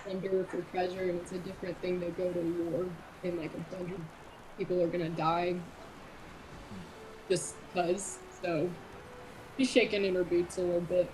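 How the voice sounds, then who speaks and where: A woman's voice: fairly low pitch, little pitch movement, normal speed. Woman, tabletop player, candid, thinking aloud, faint noise. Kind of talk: casual tabletop game chat.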